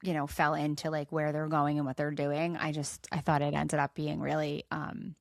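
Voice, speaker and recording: A woman's voice: deep voice, normal speed, gravelly, dry recording, studio quality. A middle-aged woman co-hosting a podcast, chatting casually about her son with lots of fillers. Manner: chatty, many "like" fillers, rising excited questions. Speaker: podcast co-host. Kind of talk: casual chat.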